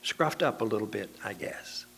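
A man's voice: on the low side, lively intonation, moderate pace, gravelly, bright, forceful tone, a little hiss or hum. A man preaching a sermon to his congregation, telling homely anecdotes in a conversational, folksy way.

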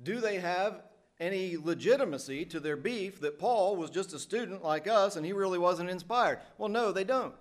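A man's voice: high voice, lively intonation, moderate pace. A middle-aged man from the United States, preaching a sermon in an earnest, emphatic way.

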